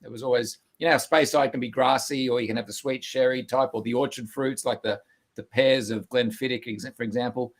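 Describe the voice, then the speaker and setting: A husky-voiced man talks whisky with enthusiasm on a video call. He often repeats words as he restarts his sentences, and his voice sits at an everyday middle pitch. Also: steady tone, brisk. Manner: chatty, enthusiastic, stammering restarts. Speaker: whisky tasting co-host. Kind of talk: casual online tasting chat.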